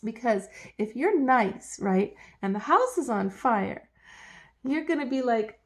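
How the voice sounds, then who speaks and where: A woman's voice: fairly high pitch, lively intonation, takes it slowly. A middle-aged woman hosting her own show, talking casually and animatedly to the camera from home, laughing often and acting out the people she quotes. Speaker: host. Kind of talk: casual direct-to-camera talk. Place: home, emptied out.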